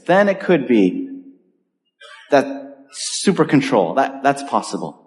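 A man preaching a sermon in an earnest, conversational way, with pauses and restarts. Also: medium pitch, big pitch swings, darkish tone. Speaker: pastor. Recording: long hall reverb.

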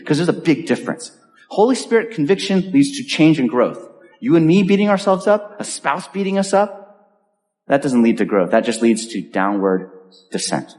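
A man delivers a sermon in an earnest, pleading way, letting his phrases sink to a hush. His voice sits at an ordinary middle pitch. The sound carries the long reverb of a church sanctuary. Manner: earnest, pleading, drops softly at phrase ends. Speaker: pastor.

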